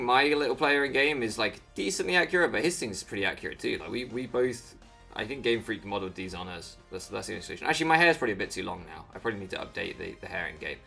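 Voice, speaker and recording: A man's voice: mid-range voice, gravelly, bright, forceful tone. A man giving casual, rambling commentary over a Pokémon game, easily sidetracked and self-mocking. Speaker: Pokémon video creator.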